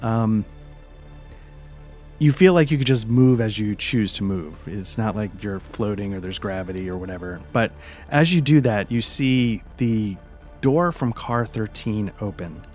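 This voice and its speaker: A man running a tabletop role-playing game as game master, calmly describing scenes with frequent fillers. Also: lowish voice, a little slow, soft background music. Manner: calm descriptive narration with many fillers.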